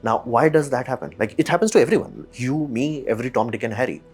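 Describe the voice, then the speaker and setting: Animated man. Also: mid-range voice, fast talker, breathy edge, faint music behind. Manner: animated, emphatic, rhetorical questions, mock quotes. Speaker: podcast host. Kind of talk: casual solo commentary.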